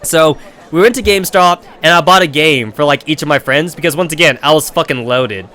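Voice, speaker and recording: A man's voice: a little high, a little fast, pushed and bright. Profane, rambling young man streamer. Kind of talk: casual storytelling on a game stream.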